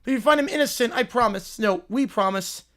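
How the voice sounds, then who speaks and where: A man's voice: extremely high pitch, brisk, a bit bright. A man playing a bumbling, endlessly apologetic defense lawyer in a comedy courtroom sketch, stammering and nervous. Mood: pleading.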